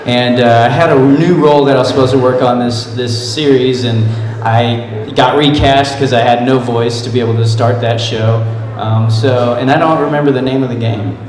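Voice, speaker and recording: A man's voice: medium pitch, fairly even intonation, moderate pace, few pauses, a little mellow. A man answering fan questions at a convention panel, telling casual rambling anecdotes and laughing often. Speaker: convention panel guest, voice actor. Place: large convention hall. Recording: echoey hall with crowd. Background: audience murmur.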